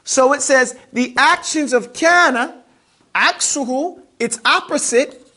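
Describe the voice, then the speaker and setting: A teacher with a high, pushed, bright voice speaks slowly through a classroom grammar lesson. Using call-and-response, they get students to repeat words and explain points with plain everyday examples.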